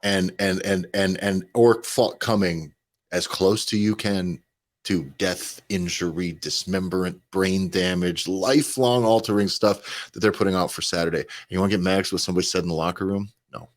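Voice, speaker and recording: A man with a very deep voice talks on a casual podcast, driving his points home with emphatic lists. His delivery is dry and close-miked. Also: normal speed, no echo. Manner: emphatic, listing points in bursts. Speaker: podcast co-host.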